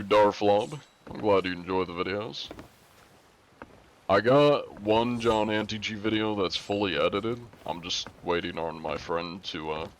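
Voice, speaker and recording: A young man chatting casually on a live stream, reading chat and answering in a relaxed way. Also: low-pitched, a little hiss or hum. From United States.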